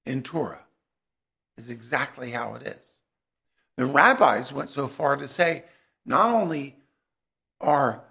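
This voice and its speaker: A man's voice: a little high, vocal fry, sharp tone, breathy edge. A man preaching a sermon in a conversational way that builds to emphatic peaks.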